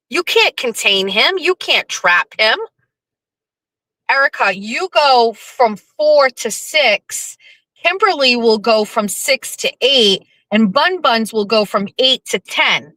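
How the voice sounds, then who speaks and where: Bright, chatty woman streamer, dry close sound. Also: a little high, lively intonation, slow, no echo, poor audio. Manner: rambling and chatty, lots of fillers; playful, swears casually. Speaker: livestream host. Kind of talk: casual livestream chat.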